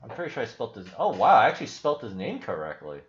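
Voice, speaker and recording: A man's voice: mid-range voice, wildly swooping pitch, rapid-fire, slight background noise. A man hosting a casual livestream with rambling, profane talk full of restarts. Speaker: crypto channel host. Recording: roomy, slightly dull sound.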